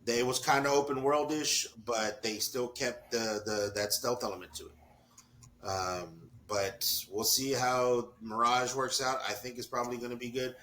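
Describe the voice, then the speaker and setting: A man's voice: medium pitch, fairly even intonation, measured pace, fairly bright tone, a little hiss or hum. Rambling, joking male podcast co-host. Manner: rambling, joking, swears, laughs often. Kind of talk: casual chat.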